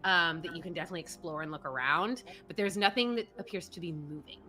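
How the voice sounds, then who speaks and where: Bright-voiced woman running a tabletop game. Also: fairly low pitch, fast, soft background music. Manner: casual, descriptive, frequent fillers. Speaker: game master.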